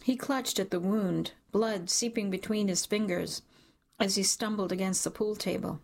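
A woman reading a dark first-person story aloud in a measured, dramatic way. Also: medium pitch, creaky. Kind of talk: scripted audiobook narration.

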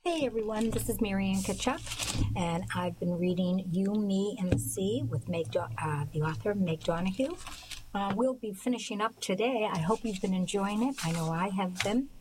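A woman reading a novel aloud as a volunteer radio reader, in an even, unhurried way with small slips. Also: medium pitch, noisy background.

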